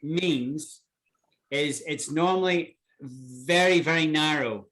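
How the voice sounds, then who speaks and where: A man's voice: a little high, slow, fairly bright tone. A man teaching English vocabulary in an online class, explaining and checking in with students often. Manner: explains with many "right?" checks.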